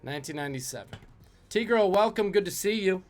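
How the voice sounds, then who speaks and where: A man's voice: high voice, lively intonation, a little fast, soft background music. A man hosting a live-streamed trivia game, joking and chatting with viewers between questions.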